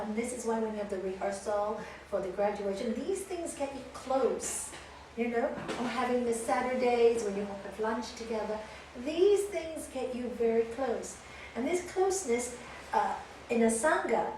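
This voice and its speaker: A woman yoga teacher giving a spiritual talk to students, telling stories with lively energy and frequent laughter, recorded in an indoor venue. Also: on the high side. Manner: animated storytelling with frequent laughter. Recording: echoey room, distant mic, faint noise.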